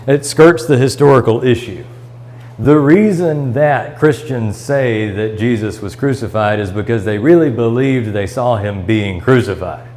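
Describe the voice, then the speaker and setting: A man's voice: medium pitch, a little mellow, poor audio. A man with a Midwestern American accent, teaching a Bible study lesson in a church classroom and reading passages aloud, with fillers and restarts. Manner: reads scripture aloud and explains it, with fillers and restarts.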